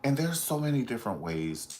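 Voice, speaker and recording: A man hosting a casual pop culture commentary, profane and dramatic, breaking into high squeals when he quotes people. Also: big pitch swings, fast talker, darkish tone, slight background noise. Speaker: host.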